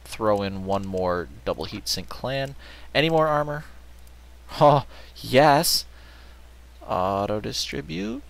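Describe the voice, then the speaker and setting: A man's voice: medium pitch, lively intonation, takes it slowly, vocal fry. A man giving casual gameplay commentary, muttering, joking and swearing, with game music behind him. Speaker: let's play host.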